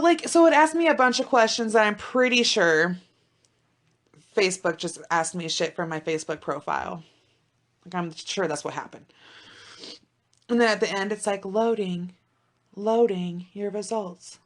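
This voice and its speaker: Woman, thirties, podcast co-host, casual chat, animated storytelling, swearing, loud-to-hushed swings, middle pitch. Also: normal speed, pauses often.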